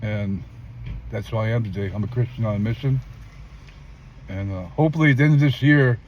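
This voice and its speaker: A man's voice: a little fast, a little mellow. Older man telling his life story emphatically. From California. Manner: emphatic storyteller who acts out quoted voices, often jumping high. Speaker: interviewee. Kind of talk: personal testimony in a street interview. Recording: dull lo-fi sound with faint traffic.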